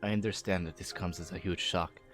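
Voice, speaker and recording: A man voicing a calm, formal police lieutenant in a measured tone. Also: sits low, faint music behind.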